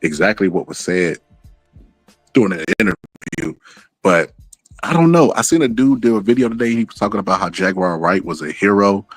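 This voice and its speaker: A man with a very low voice delivers a loose, rambling commentary rant full of swearing. He acts out other people's lines as he goes. The sound is dry and close, with faint music underneath. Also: lively intonation, moderate pace, no room sound. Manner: rambling and profane, acts out quotes. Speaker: commentary channel host.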